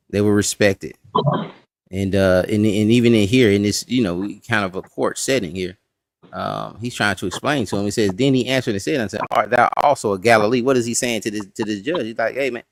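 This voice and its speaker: A man with a lowish voice teaches a casual Bible study class in a folksy manner, saying "y'all" and speaking directly to the group. The sound has no echo and comes through a streaming setup.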